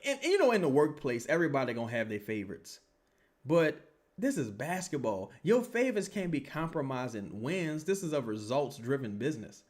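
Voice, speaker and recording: Animated profane man calling a game. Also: mid-range voice. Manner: profane, animated, heckling players; reads viewer comments aloud. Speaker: sports livestream host. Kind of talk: casual live game commentary.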